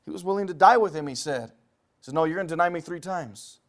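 A middle-aged preacher with a notably high voice delivers a storytelling sermon. He climbs to loud, excited peaks and then sinks to near-whispered lows as he works through scripture. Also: fast talker. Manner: lively storytelling preaching, swinging from loud highs to hushed lows.

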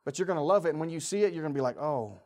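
A man in his forties preaching a fervent sermon, swinging from quiet, low passages to loud, high-pitched shouting, acting out prayers and inner voices. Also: rapid-fire. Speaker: pastor.

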